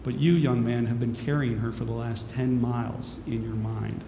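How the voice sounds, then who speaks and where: A man voicing a calm, wise older monk who speaks slowly and quietly, recorded in an echoey hall. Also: medium pitch, voice pushed down, lightly acted. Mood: gentle. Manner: slow, gentle and quiet. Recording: echoey hall with faint noise.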